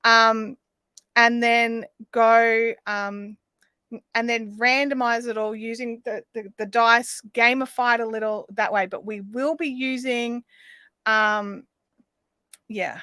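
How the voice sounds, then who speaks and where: Woman, higher voice, crisp bright tone, chatty live-stream host, answers chat. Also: fairly even intonation, slow, no echo, studio quality. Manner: rambling with frequent ums and restarts. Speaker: livestream host.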